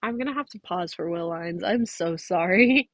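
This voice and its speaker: A woman's voice: lowish voice, normal speed. A woman reads a fan story aloud on a close home mic. She trips over words and restarts phrases, breaking off for chatty asides. The sound is completely dry, with no room echo. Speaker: podfic reader. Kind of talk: reading fan fiction aloud.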